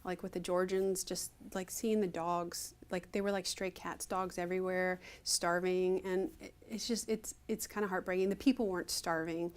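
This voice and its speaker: A woman's voice: lowish voice, little pitch movement, moderate pace, hardly any pauses. A middle-aged woman from Ohio, a retired Air Force officer, telling stories in a conversational interview, full of fillers and restarts. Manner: chatty storytelling, frequent fillers and restarts. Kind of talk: conversational oral history interview.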